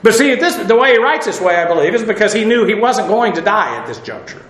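A man's voice: high voice, very animated, fast, a bit bright, roomy sound. A man preaching a casual sermon, chatty, with wry asides and many fillers.

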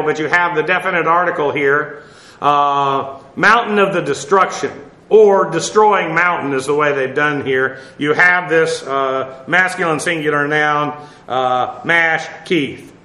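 A man's voice: fairly high pitch, bright, forceful tone. Methodical man spelling Hebrew words, echoey room. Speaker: Bible teacher. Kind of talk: verse-by-verse Hebrew word study.

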